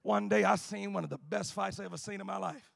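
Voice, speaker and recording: A male preacher delivers a sermon in a chanted, shouting cadence, putting an "uh" before each phrase and sometimes dropping into quiet storytelling. His gravelly voice sits high with a steady tone and a fast pace, in a dry recording.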